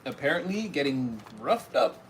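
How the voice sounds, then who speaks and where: A man's voice: mid-range voice, very animated, normal speed, background noise. A man giving a casual tarot reading, talking animatedly and acting out little scenes, often breaking into laughter. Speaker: tarot reader.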